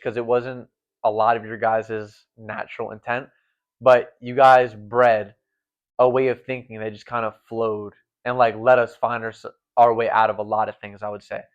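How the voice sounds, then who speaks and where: On a dull, lo-fi recording, a late-teen guest who used to play volleyball setter rambles through a casual chat, earnest and filler-heavy. He speaks at a moderate pace in a steady, mid-range voice.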